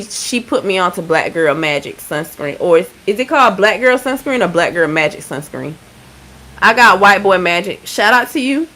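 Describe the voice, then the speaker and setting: A woman's voice: mid-range voice, bright, forceful tone, low-quality recording. A woman hosting a livestream, chatting casually and joking with her viewers. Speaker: livestream host.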